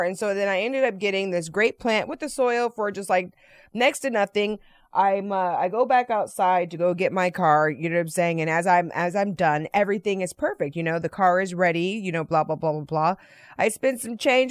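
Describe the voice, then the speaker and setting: A woman vlogger telling a casual anecdote in an animated, chatty way, often checking in with "right?" and "you know.". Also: lowish voice, moderate pace, no echo. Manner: playfully profane.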